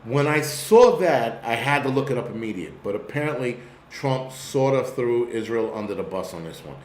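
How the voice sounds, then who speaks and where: A man's voice: medium pitch, lively intonation, moderate pace, reverberant. Blunt, profane New York man ranting. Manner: blunt, profane, rambling rant. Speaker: host. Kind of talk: live-stream commentary.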